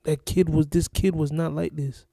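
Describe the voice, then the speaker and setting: Mellow-voiced man ranting casually. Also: fairly high pitch, steady tone, normal speed, creaky, dry recording, studio quality. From Florida. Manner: rambling, repetitive, exasperated. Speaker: reaction channel host. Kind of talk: casual reaction commentary.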